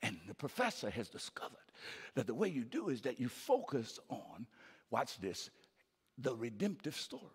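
A man preaching a live sermon as pastor, calling out to the congregation and building from quiet, repetitive phrasing to shouted peaks. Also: medium pitch, huge pitch swings, normal speed, husky. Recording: reverberant live church hall.

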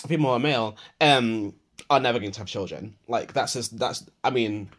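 A young podcast host records an unscripted voicenote monologue, swearing freely as he rambles through a rant stuffed with fillers. His mid-range voice is a bit bright, and he keeps a moderate pace.

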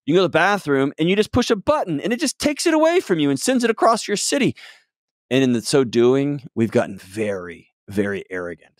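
A middle-aged man talking as a guest expert, telling stories emphatically with sudden jumps up and drops to soft low tones. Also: a little fast, no echo, studio quality. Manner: emphatic, swings between loud excited and soft low tones. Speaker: guest mental health expert. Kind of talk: animated storytelling in conversation.

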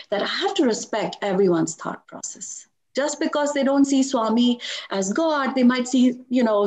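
A middle-aged woman sharing personal devotional stories in a lively talk, laughing often as she tells them. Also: on the high side. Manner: animated storytelling with frequent laughs.

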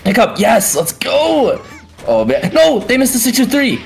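This is fighting game play-by-play from a tournament commentator with a mid-range voice and some vocal fry, faint music playing behind him. Big moments set off explosive yelling, swearing, and frequent exclamations. In between, he breaks the action down quickly and more calmly.

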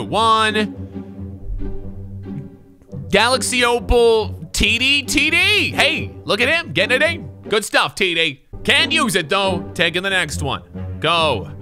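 A young man commentating on a video game, loud, animated and sarcastic, swinging between shouts and mutters. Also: sits high. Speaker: gaming YouTuber.

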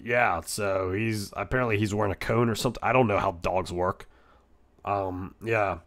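A man streaming in character as a brash male echidna, reacting with crude jokes and loud goofy outbursts. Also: fairly low pitch, creaky.

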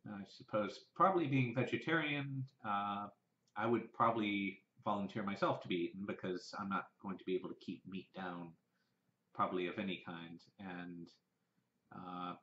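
A man's voice: lowish voice, fairly even intonation, normal speed, fairly bright tone. Rambling Southern man in a roomy space. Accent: Southern American. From American South. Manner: rambling, with many restarts and fillers. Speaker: vlogger. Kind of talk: casual thinking-aloud monologue. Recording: roomy and dull, lo-fi.

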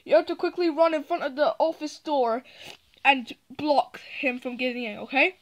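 A woman voicing plush toys in a homemade role-play, talking haltingly with many fillers. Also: sits high. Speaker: plush video maker.

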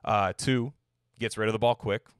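A man's voice: fairly low pitch, steady tone, normal speed, clean tone, dry recording, clean studio sound. A young man hosting a sports podcast, rambling in a casual, sarcastic way and swearing now and then.

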